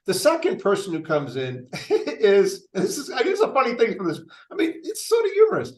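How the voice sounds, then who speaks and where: Older male candidate, lively, rambling delivery, slightly high voice, roomy echo. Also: brisk. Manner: animated, rambling, frequent restarts. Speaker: presidential candidate. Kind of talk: casual interview talk. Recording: echoey room.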